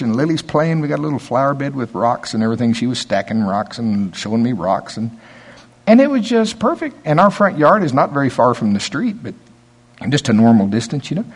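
In a husky voice, an older man preaching as pastor tells folksy stories, sinking to low asides before climbing to loud, emphatic preaching.

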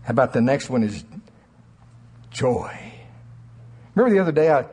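A man preaching a sermon in church, telling stories in an animated way and often laughing. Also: medium pitch, normal speed, slightly rough. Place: church sanctuary.

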